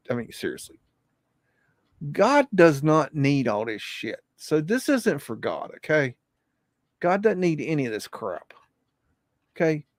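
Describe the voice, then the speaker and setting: Man, livestream host, excitable, profane, rambling, fairly high voice, dry sound. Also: no room sound. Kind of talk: casual livestream commentary.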